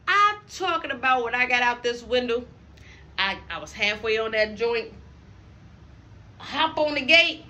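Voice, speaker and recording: A man's voice: very high voice, unhurried, long pauses. A young man telling a story from his past in a storytime vlog, acting out each person's voice. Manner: animated, acts out every voice.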